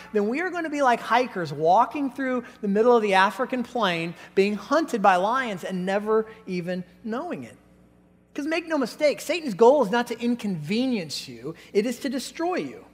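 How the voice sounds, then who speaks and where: In a big church hall with long, ringing reverb, a middle-aged male pastor with a notably high, somewhat bright voice delivers a sermon. He tells stories animatedly, taking on the voices of the people he quotes.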